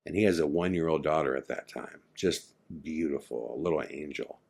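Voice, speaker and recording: A man hosting a podcast, retelling a night out in a casual, animated way, acting out his friends' lines and going quiet for the eerie parts. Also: rumbling low, fairly quick, gravelly. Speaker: podcast host. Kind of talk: casual storytelling.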